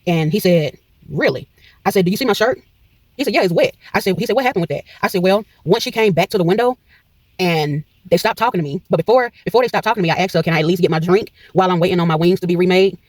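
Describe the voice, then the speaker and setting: A man in his forties talks straight to his viewers, reliving an ordeal with energy. His voice sits high for a man and the words tumble out at a fast clip. He gives each quoted line its own delivery as the story builds. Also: dry recording, poor audio. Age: 40s. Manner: animated retelling that acts out quoted dialogue. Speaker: vlogger. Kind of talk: casual storytelling vlog. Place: in a parked car.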